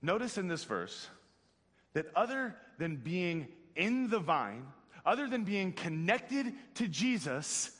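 A man preaching a youth sermon in a casual, slangy, animated manner, with a somewhat high voice for a man. He talks straight to his listeners, and his voice carries a long reverb through a church hall. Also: slow. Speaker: pastor.

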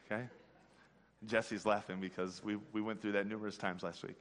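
A man preaching a youth sermon in a casual, slangy, animated way, talking straight to his audience. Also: fairly low pitch, fast, in a large hall. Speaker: pastor.

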